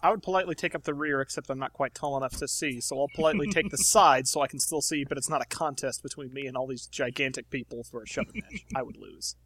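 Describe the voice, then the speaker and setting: A man's voice: medium pitch, quick pace, few pauses, a bit bright. A man playing a tabletop role-playing game who jokes in a wry, dry way. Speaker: player. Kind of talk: in-character game chat.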